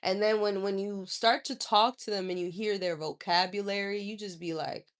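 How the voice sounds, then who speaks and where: A woman's voice: mid-range voice, steady tone, moderate pace. A woman hosting a livestream, ranting in a sassy, profane and indignant way. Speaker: livestream host. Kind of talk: casual livestream rant.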